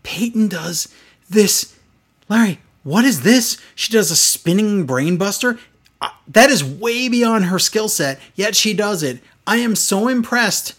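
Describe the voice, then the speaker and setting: A man's voice: high voice, fairly bright tone. A man in casual chat, reviewing a wrestling show with sarcastic, exasperated commentary.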